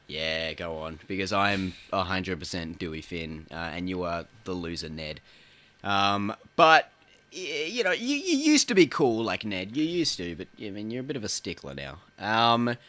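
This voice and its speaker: A man co-hosting a movie podcast, bantering casually and animatedly. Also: moderate pace. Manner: animated, jumps into high-pitched impressions. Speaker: podcast co-host.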